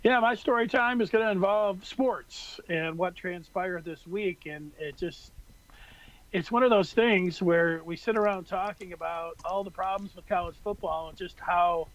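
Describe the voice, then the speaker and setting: A man's voice: sits high, moderate pace, a bit bright, lo-fi sound. A man co-hosting a sports podcast, telling a rambling, exasperated story in casual talk. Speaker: podcast co-host.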